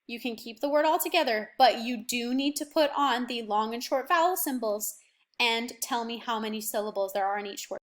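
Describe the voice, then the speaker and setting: A young woman teacher giving a remote phonics lesson to children, patient and encouraging, stretching words out slowly. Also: a little high. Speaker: primary school teacher.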